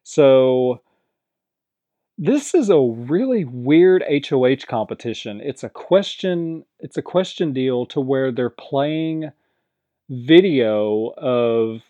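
A man's voice: medium pitch, mellow, no room sound. A man casually recapping a reality show episode, rambling with lots of fillers and acting out quoted lines.

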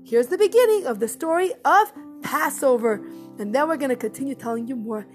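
A woman with a high voice tells a religious story in an animated, expressive way, repeating words for emphasis. Soft music plays faintly under her telling. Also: a little fast.

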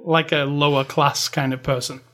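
A man's voice: a little high, little pitch movement, moderate pace, fairly bright tone. A man co-hosting a casual movie review, rambling and filling his talk with "like" and "you know". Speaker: podcast co-host.

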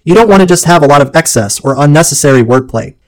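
A man hosts a solo advice podcast in a slightly high voice. He speaks in a measured, deliberate way and drops in playful, jokey asides. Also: animated, rough recording. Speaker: podcast host.

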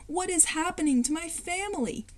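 A woman puts on a jumpy cartoon boy with a high, fretful voice that keeps leaping upward in alarm. His tone stays soft and mellow rather than bright, read from a storybook-style script. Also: sing-song, unhurried, no echo. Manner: high-pitched, panicky. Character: excitable young cartoon boy, easily alarmed.

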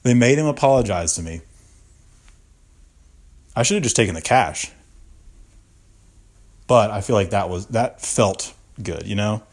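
A young man spins a profane, animated story on his podcast. His voice sits a little low for a man, and he talks loosely, the way you would tell it to friends. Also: a little slow, pauses often. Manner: profane, animated anecdote telling. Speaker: podcast host. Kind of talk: casual storytelling.

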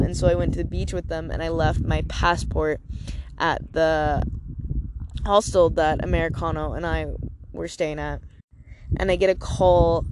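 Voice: medium pitch, no room sound. A young adult from Canada hosts a podcast and tells a personal story in a loose, rambling way. The talk is full of "like" and casual swearing. The recording is dry and close, with no room sound. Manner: rambling, heavy use of "like", frequent swearing. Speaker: podcast host.

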